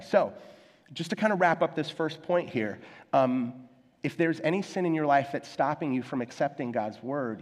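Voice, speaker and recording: A young adult male pastor preaching a conversational, self-deprecating sermon, acting out quoted voices in his stories. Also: on the high side. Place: church sanctuary. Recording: long hall reverb.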